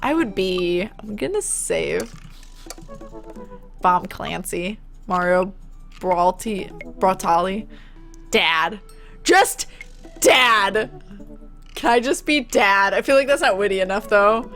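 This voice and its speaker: Excitable woman gushing over a game. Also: mid-range voice, faint music behind. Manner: excitable, gushing, quick to laugh and squeal. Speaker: gaming streamer. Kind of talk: casual let's-play commentary.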